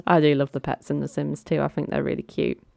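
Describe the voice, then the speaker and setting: A woman's voice: sits low, gravelly, warm tone, no echo. A young woman casually commenting on a life-simulation game, chatty and coaxing her characters along. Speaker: gaming channel host.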